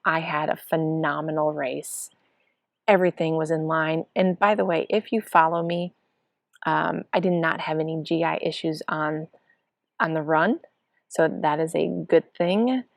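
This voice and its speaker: Excited middle-aged woman coach, dry sound. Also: sits low, unhurried, vocal fry, no room sound. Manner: excited, breathless storytelling with acted-out quotes. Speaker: triathlon coach. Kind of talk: casual spoken race report.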